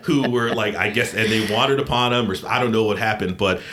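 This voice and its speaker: Low-voiced male podcast co-host, casual, rambling storyteller. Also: fairly quick. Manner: rambling, animated anecdote telling.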